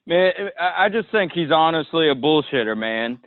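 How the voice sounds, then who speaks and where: A man's voice: fairly high pitch, lively intonation, normal speed, no echo. A man phoning in to a podcast, bluntly airing gossip about someone. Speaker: caller. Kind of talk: call-in complaint. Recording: dry tinny phone line.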